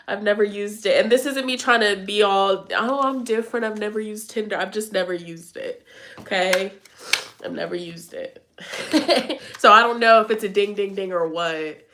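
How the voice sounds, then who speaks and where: A woman's voice: medium pitch, a bit bright, a little hiss or hum. A young woman doing a casual tarot reading for viewers, chatty and slangy, with a congested voice. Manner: chatty, slangy and playful, laughs often. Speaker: tarot reader.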